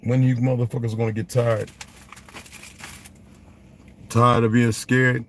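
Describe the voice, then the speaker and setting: A man's voice: mid-range voice, little pitch movement, slow, slight background noise. A man hosting his own channel, mixing a blunt, profane rant with reading a text aloud, recorded at home. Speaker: channel host.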